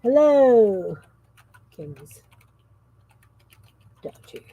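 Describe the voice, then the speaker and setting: A woman's voice: fairly high pitch, sing-song, drawn-out words, warm tone, no echo, dull audio. A woman in her fifties hosting a craft livestream, chatting casually in a rambling, easily sidetracked way. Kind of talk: casual chat while crafting.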